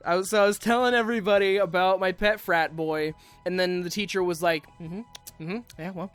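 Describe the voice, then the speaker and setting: A vlogger in his twenties tells a rambling, self-mocking storytime rant about his school days, swearing freely. His voice is high-pitched and a bit bright, with a clean tone.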